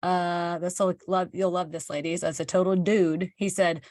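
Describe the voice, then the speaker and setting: A woman's voice: on the low side, fairly even intonation, moderate pace, a little mellow, no echo, studio quality. A woman from Kansas, hosting a motivational live talk for her team, chatty and candid, answering viewer comments and acting out bits of dialogue. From Kansas, United States.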